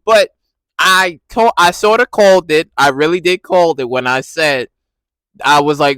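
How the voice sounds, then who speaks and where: A man giving a casual, animated recap of a TV episode, laughing and repeating himself as he reacts. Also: high voice, normal speed, no room sound. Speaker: TV recap vlogger.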